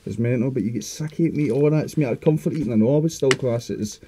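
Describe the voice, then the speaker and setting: A Scottish man rattling through casual podcast chat at a quick clip. His voice is dark and mellow, and he rambles and swears, leaning on "mate" and "know what I mean". His accent is broad west of Scotland. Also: medium pitch, slight background noise.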